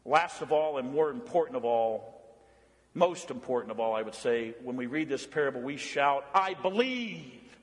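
A man preaching a sermon, emphatic and repetitive, swinging between loud declarations and hushed lines. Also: mid-range voice, moderate pace. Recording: long hall reverb.

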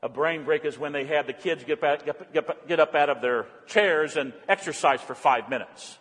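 A man preaching a sermon as pastor, swinging from raised, fervent calls to hushed, soft-spoken prayer. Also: a little high, moderate pace, slightly rough. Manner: impassioned preaching, voicing God's call in a raised voice. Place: church sanctuary. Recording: long church reverb.

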